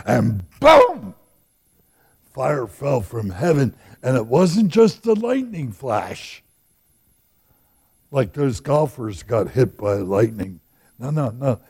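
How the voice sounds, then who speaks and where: Slow animated older-sounding Bible teacher man. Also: medium pitch, breathy edge. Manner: animated storytelling, acting out voices with humor. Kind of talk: folksy Bible study lecture.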